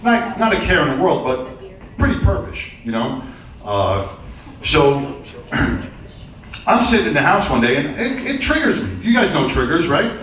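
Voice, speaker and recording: A man's voice: fairly high pitch, big pitch swings, a little slow, pauses often, a bit bright. A middle-aged man performing a stand-up comedy routine on a theater stage, telling loose, rambling stories with crude punchlines. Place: theater stage before a live audience. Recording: very echoey, distant room sound with faint noise.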